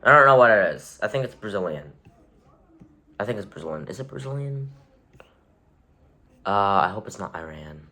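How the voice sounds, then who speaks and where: A man vlogs a casual tier list rating rockets, rambling along with wry sarcastic asides and frequent self-corrections. His lowish voice sounds pushed and bright, with lively intonation, normal speed, and frequent pauses.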